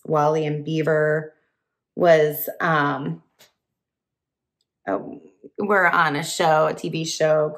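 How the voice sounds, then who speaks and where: A woman's voice: sits low, gravelly. Chatty woman reading aloud to kids. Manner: chatty, asks listeners questions, laughs often. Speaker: teacher reading to children. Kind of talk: picture-book read-aloud.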